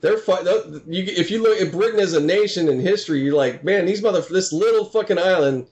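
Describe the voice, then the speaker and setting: A man with a somewhat high voice, talking in loose casual chat. He rambles and restarts sentences, piling on filler phrases as he works toward his point. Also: fairly quick, darkish tone, lo-fi sound. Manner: rambling, many "you know" fillers, laughs often.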